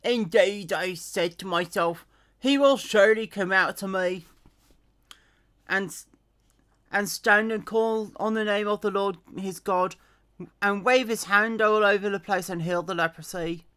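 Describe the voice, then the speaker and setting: Proud male commander in a Bible reading, indignant, emphatic, slow as a woman reads him. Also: mid-range voice, fairly bright tone, natural voice. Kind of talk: Bible reading with put-on voices.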